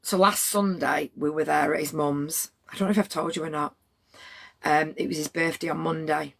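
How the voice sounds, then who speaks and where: A woman's voice: low voice, fairly even intonation, normal speed, creaky, a bit bright. A middle-aged woman, telling a story to her livestream chat in a blunt, rambling way with plenty of swearing.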